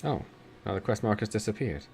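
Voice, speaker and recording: Low, expressive and fairly quick, this man's voice is creaky and darkish in tone, with slight background noise. A West Country gaming streamer from England, he keeps up casual chatter and jokes while playing, laughing a lot.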